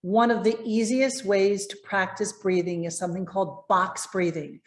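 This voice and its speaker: A woman presentation coach giving lively, encouraging tips to viewers over a video call. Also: mid-range voice, moderate pace, few pauses, roomy sound.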